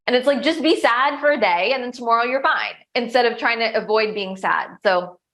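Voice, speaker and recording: A young adult woman with a slightly high voice talks in a loose, upbeat way. She is a coach answering questions in a casual interview, and she often restarts her sentences. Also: brisk, a bit bright. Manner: upbeat, chatty, many likes and restarts. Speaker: coach and show host.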